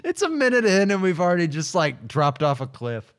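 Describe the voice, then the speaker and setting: A man's voice: high voice, very animated, fairly quick, no room sound, studio quality. A man hosting a podcast in casual chat, laughing easily and rambling a bit. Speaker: podcast host.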